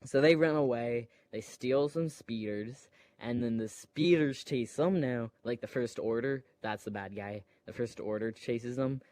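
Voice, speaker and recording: A man retells a film in a loose, unhurried way, pausing on fillers and acting out the scenes with sound effects. His voice sits at an average pitch for a man, and it sounds dry and close, with no room echo. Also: darkish tone. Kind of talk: casual rambling retelling.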